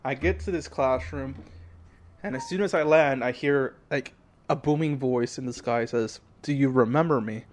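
A young man co-hosting a podcast, telling a story in a loose, animated way with lots of fillers. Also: medium pitch, moderate pace. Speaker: podcast co-host. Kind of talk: casual chat.

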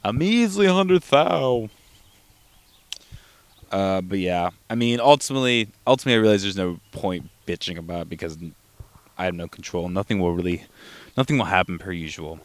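A man's voice: low-pitched, quick pace, dry recording. A young man hosting a casual solo podcast, rambling and swearing freely while coming down with a cold. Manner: profane, rambling, with frequent restarts and fillers. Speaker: podcast host.

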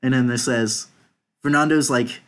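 A man's voice: mid-range voice, fairly even intonation, normal speed, fairly bright tone, clean tone. A young man hosting a podcast, casually reading out group chat messages and swearing now and then. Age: young adult. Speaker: podcast host.

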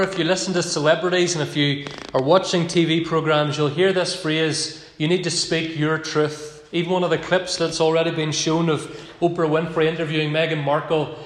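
Male pastor, sermon delivery, earnest with slow emphatic phrases; fairly high voice, roomy reverb. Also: a little hiss or hum. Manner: earnest, slows down to stress key phrases. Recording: echoey hall with long reverb.

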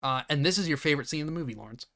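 A man's voice: fairly high pitch, racing, dry recording, studio quality. A man hosting a podcast, chatting casually about a movie and acting out the characters' lines as he retells scenes. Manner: animated, acts out characters' lines. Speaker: podcast host. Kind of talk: casual movie-review chat.

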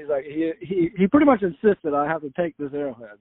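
A man's voice: on the high side, sing-song, fast, no room sound. A man from rural Florida telling a long casual story, rambling and correcting himself with frequent "uh". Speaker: guest storyteller. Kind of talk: casual anecdote. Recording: tinny phone-like line, dry.

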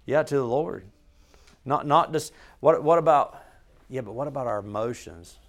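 A man's voice: medium pitch, normal speed. A man leading an informal Bible study with a small group. He is earnest and emphatic, often quizzes the listeners and restarts his sentences as he goes. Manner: conversational, asks the group questions, frequent restarts.

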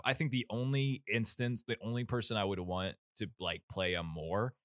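A man's voice: medium pitch, normal speed, hardly any pauses, pushed and bright, dry recording, clean studio sound. A man co-hosting a podcast, chatting casually about movies, rambling, swearing freely and laughing often. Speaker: podcast co-host. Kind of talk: casual movie review chat.

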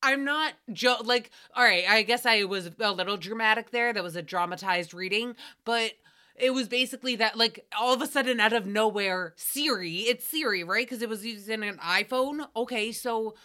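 A woman's voice: a little high, normal speed, sharp tone. A young adult woman hosting a casual recap podcast, chatty and self-mocking, with frequent swearing. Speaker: podcast host.

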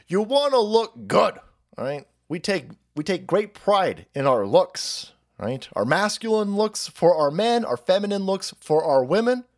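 A man tearing through a political rant on his live stream, crude and mocking. His voice sits high and leaps all over the place, from near-shouts down to low grumbles. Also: very animated, measured pace. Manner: loud, profane, mocking, swings between shouts and mutters. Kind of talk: ranting live-stream commentary.

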